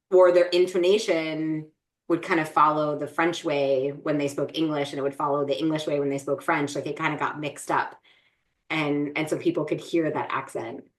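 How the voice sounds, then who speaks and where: In a rough recording, a low-voiced woman rambles through casual podcast chat as a co-host, frequently using fillers and restarting her sentences.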